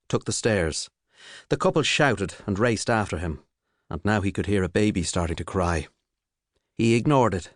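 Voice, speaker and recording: An audiobook narrator, male and on the low side, tells the story at a steady, measured pace from a script. The recording is dry, with clean studio sound.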